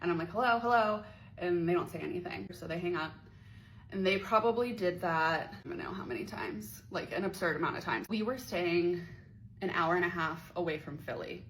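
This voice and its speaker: A woman's voice: on the low side, fairly quick, a bit bright, a little hiss or hum, rough recording. Chatty young woman telling a wild story. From Pittsburgh area, USA. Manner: chatty, profane, dramatic quoted voices. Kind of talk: casual storytime vlog.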